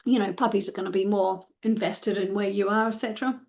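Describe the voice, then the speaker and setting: A woman's voice: mid-range voice, steady tone, fairly quick. A woman dog trainer answering viewer questions live, giving step-by-step advice with frequent fillers and restarts.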